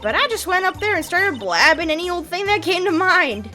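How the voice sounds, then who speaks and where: A woman's voice: extremely high pitch, very animated, a little fast, sharp tone, soft background music, pitched above the performer's own voice, exaggerated voice. A woman doing a drawling southern gal photographer. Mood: folksy. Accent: put-on Southern US. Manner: drawling, folksy, wheeling-dealing. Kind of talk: reading a game's dialogue aloud.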